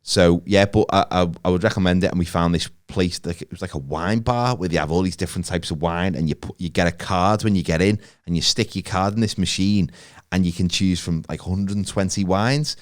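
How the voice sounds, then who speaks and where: A man's voice: low-pitched, brisk, no room sound, clean studio sound. A man in his forties with a northern English accent, co-hosting a podcast in a casual, jokey chat. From northern England. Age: 40s. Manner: jokey, chatty, laughs often. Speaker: podcast co-host.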